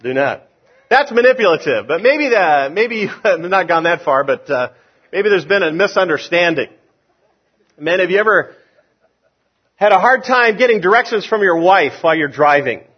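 A man's voice: sits high, lively intonation, moderate pace, husky. Folksy pastor, man, dull lo-fi sound. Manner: folksy, conversational, chuckles at own jokes. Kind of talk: sermon with a joke opener.

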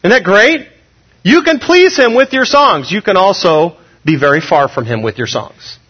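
A male pastor preaching a sermon in a conversational, animated way, with sudden loud rises. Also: sits high, normal speed, breathy edge, poor audio.

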